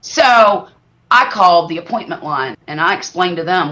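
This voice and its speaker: Middle-aged woman, chatty livestream host who tells stories with lively exaggeration. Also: fairly low pitch, moderate pace. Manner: animated, exaggerating storyteller. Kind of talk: casual storytelling chat.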